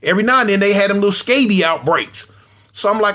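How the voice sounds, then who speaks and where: A man with a notably high speaking voice spins a casual story about prison life. He circles back over the same phrases and jumps into quick impressions of the people in it. His delivery is loose and animated. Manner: animated, repeats phrases, acts out quotes.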